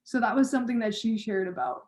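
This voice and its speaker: A woman's voice: on the high side, sing-song, fast, darkish tone. A woman training her team of coaches, talking in an upbeat, encouraging way straight to her listeners.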